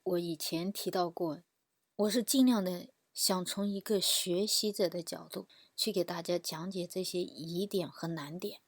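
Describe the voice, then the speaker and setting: A woman's voice: on the low side, steady tone, normal speed, dry recording. A woman language teacher giving a patient instructional explanation and demonstrating example words.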